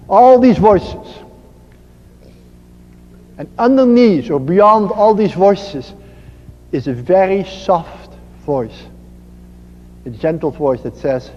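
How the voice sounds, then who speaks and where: A man with a Dutch accent giving an earnest spiritual talk as a priest, slow and emphatic, repeating his phrases. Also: on the high side, lively intonation. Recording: muffled archival recording in a reverberant hall.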